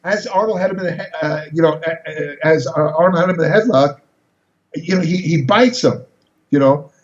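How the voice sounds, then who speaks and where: A man's voice: a little high, fairly quick. Older man telling an anecdote, echoey. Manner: animated, repeats words and restarts often. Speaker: guest storyteller. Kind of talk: casual interview anecdote. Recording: echoey, slightly dull recording.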